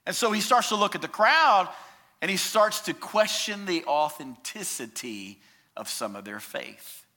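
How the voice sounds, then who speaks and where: Fervent pastor with a lively, swooping voice. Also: male voice, sits high. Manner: emphatic, swinging from loud declarations to hushed, drawn-out words. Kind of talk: sermon.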